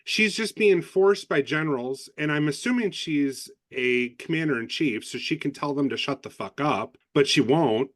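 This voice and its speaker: A man's voice: fairly high pitch, moderate pace, hardly any pauses, fairly bright tone, no echo. A man giving frank, opinionated views in a casual podcast discussion, with some swearing. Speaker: podcast co-host.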